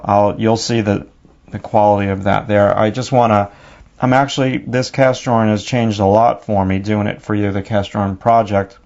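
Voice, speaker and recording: A lower-voiced man with a New York accent talks through a drawing lesson as he works. His delivery is loose and conversational, full of asides. The recording sounds slightly dull and lo-fi. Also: darkish tone. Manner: casual, thinking aloud while working. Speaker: drawing teacher. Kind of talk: narrated drawing tutorial.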